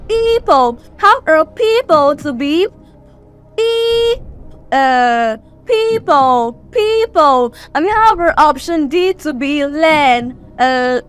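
Slow, high-voiced woman teaching vowel sounds. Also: fairly bright tone. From Nigeria. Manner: slow, repetitive teaching, drawing out and repeating words. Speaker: English exam tutor. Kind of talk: recorded online lesson.

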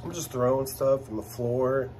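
A man chatting casually while unboxing luxury items, gushing and exclaiming with excitement. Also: mid-range voice, moderate pace, a little hiss or hum.

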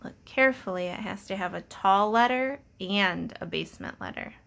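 A woman teacher giving a patient, encouraging reading lesson, sounding out letters slowly for young children. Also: mid-range voice, creaky, fairly bright tone. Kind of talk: slow, clear early-reading lesson.

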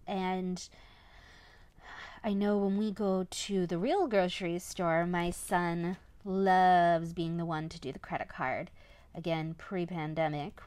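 Unhurried mother reviewing a toy. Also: medium pitch, no room sound. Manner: chatty, often adds a questioning "right?". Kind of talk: casual product review.

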